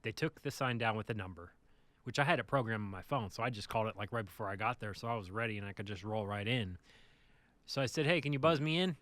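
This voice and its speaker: A man co-hosting a podcast, telling a casual, animated anecdote about his driving job. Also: fairly low pitch, quick pace, dry recording. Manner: animated anecdote teller, acts out the people in his stories. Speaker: podcast co-host, bus driver. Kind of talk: casual storytelling chat.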